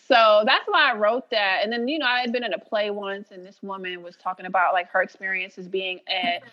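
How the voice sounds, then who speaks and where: Animated woman telling a story. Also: medium pitch, fairly quick, dull audio. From New York. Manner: animated storyteller acting out quotes, laughing often. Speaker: creator and writer, guest. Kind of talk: casual podcast interview.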